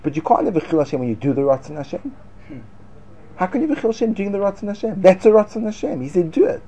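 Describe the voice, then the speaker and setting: A man giving a lively Torah class to students, sarcastic and quick to laugh at his own points. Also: sits high, a little hiss or hum. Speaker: Torah teacher.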